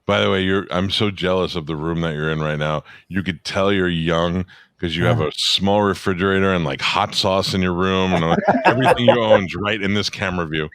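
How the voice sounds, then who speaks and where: A man's voice: deep voice, a little fast, fairly bright tone, clean tone. A man co-hosting a casual comedy podcast, teasing his guest bluntly and crudely. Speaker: podcast co-host.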